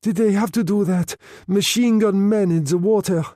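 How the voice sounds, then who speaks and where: A man's voice: fairly high pitch, expressive, normal speed, dark tone, no room sound, studio quality, pitched above the performer's own voice. A man voicing a frightened young woman adrift at sea, speaking in a gasping, desperate way. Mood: exhausted.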